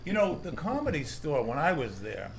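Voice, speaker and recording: A man's voice: a little high, huge pitch swings, moderate pace, creaky, slight background noise. A man from Boston with a Boston accent, telling comedy-club stories in a rambling, profane way that is full of "you know" and "like.". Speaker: comedian guest. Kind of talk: casual chat, storytelling.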